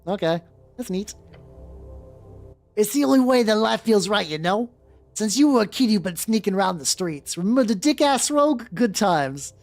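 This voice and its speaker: A streamer playing a video game, reacting aloud with swearing and reading the game's text out loud. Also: medium pitch, animated, moderate pace. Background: faint background music.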